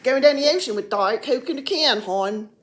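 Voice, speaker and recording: A woman putting on a loud, folksy Baltimore local. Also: high voice, animated, normal speed, voice pushed up. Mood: chummy.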